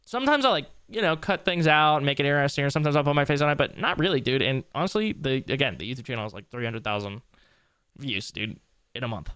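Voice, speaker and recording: A man's voice: medium pitch, animated, fast talker, fairly bright tone, clear, resonant tone, no echo. A young man streaming late into a long session, rambling casually in a loose, tired way and swearing now and then. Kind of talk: casual live-stream commentary.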